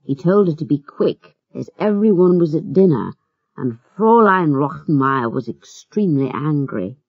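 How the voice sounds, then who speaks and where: Female narrator for a learners' storybook: slow, expressive, low and slightly gravelly. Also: dry recording. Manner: measured, expressive. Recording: muffled with faint music.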